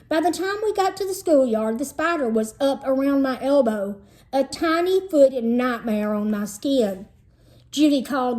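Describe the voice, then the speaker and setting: High-voiced woman reading a story aloud. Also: moderate pace. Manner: lively storytelling, shifts into character voices. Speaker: teacher reading a children's book aloud. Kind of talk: expressive read-aloud narration.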